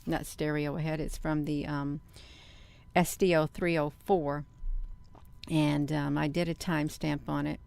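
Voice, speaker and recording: Woman vlogger with a deep, resonant voice, talking earnestly and folksily and circling back to the same points. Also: level tone, measured pace, gravelly, darkish tone. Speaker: channel host. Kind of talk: casual vlog monologue.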